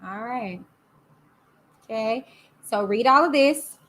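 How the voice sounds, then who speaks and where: A woman's voice: fairly high pitch, animated, takes it slowly, a bit bright. A woman hosting a casual live-stream commentary, sassy and chatty, talking back to her chat. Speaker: YouTube host.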